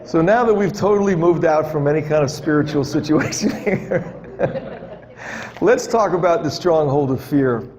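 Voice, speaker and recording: A pastor with a slightly high, slightly slow, somewhat mellow voice gives a chatty sermon in a church hall, joking with the live congregation and asking them questions. The hall is reverberant, with faint background noise.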